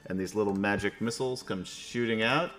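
A man's voice: on the low side, fairly quick, a bit bright. A man acting as game master, narrating a tabletop game in a loose, thinking-aloud way.

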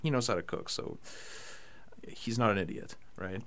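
Young male podcast host, slightly low voice, rambling casual delivery. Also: normal speed, creaky. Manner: rambling, excitable, lots of fillers. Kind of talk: casual chat.

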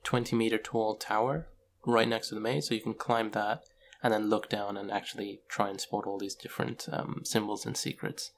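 Man, low voice, gravelly, dry and teasing, casual podcast chat, faint noise. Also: level tone, moderate pace. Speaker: podcast co-host.

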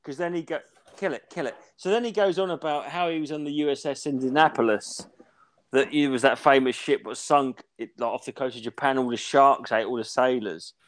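A man in his forties, a podcast co-host, rambling and swearing as he tells animated stories in casual chat. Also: mid-range voice, fairly quick. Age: 40s.

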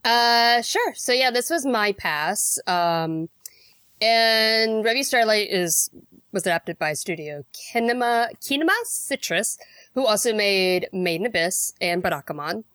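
A woman's voice: medium pitch, animated, unhurried, fairly bright tone, no room sound, clean studio sound. A woman co-hosting a podcast, chatting casually with many ums and small laughs, explaining an anime. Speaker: podcast co-host.

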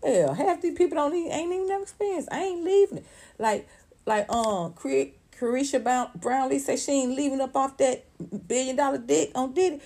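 A woman, hosting casual celebrity gossip commentary in an animated, profane way, laughing often. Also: high-pitched, fairly quick. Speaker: commentary channel host.

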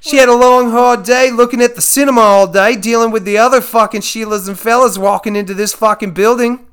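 Man putting on a loud Australian wildlife showman. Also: very high-pitched, steady tone, fairly quick, smooth, pitched above the performer's own voice. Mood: gleeful. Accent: Australian, put on. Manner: loud, hammy, profane nature-show narration. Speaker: podcast co-host.

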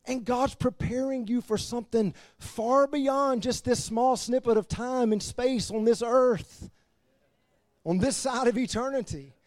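A man preaching as pastor, animated, laughing between points and dropping to quiet emphasis. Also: very high-pitched, measured pace, dry recording, studio quality. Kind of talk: sermon.

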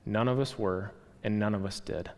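A man voicing a calm, gentle spirit who answers patiently in a lowered, soft voice. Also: normal speed, close to an everyday voice. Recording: long hall reverb.

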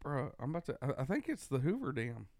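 A man's voice: mid-range voice, big pitch swings, fast, a little mellow, no echo. A man with a Texan accent co-hosting a podcast, joking and exclaiming in casual banter. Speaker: podcast co-host.

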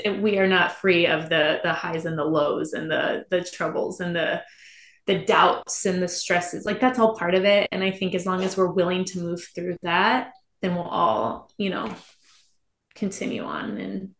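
A woman's voice: on the low side, unhurried, fairly bright tone. A young adult woman, a guest on a podcast, talking in an earnest, thoughtful way. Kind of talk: casual podcast conversation. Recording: echoey room.

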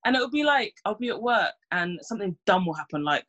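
A woman's voice: mid-range voice, very animated, fairly quick, fairly bright tone, highs cut off. A young woman, chatting casually and acting out her own reactions. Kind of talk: casual chat.

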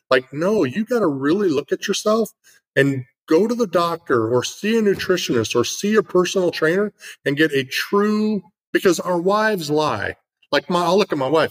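A man's voice: fairly high pitch, animated, moderate pace, breathy edge, rough recording. A middle-aged man in casual conversation, telling an earnest story with lots of fillers.

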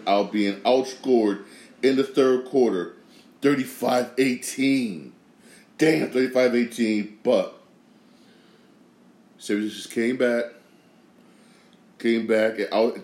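A man's voice: mid-range voice, fairly even intonation, a little slow, pauses often, darkish tone. A man hosting a podcast, giving opinionated sports and news commentary in an emphatic way, repeating phrases and restarting sentences. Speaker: podcast host. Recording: echoey room.

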